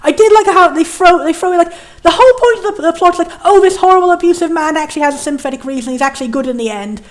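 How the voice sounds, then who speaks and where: A woman giving a casual, rambling spoken critique of a game, sarcastic and laughing often, dipping into quick voices for the characters. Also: extremely high pitch. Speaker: game reviewer.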